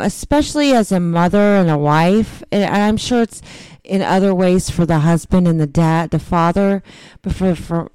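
A woman's voice: on the low side, darkish tone, smooth, dry recording. A woman talking earnestly and a bit rambling in a casual recovery chat, often restarting her sentences.

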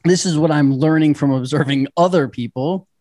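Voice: medium pitch, moderate pace, warm tone. A podcast co-host, talking candidly in casual chat, swearing freely and laughing often.

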